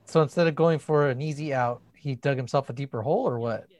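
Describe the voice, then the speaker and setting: A man in relaxed podcast chat, reacting with short comments and laughs. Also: medium pitch, fast, no echo. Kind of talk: casual chat.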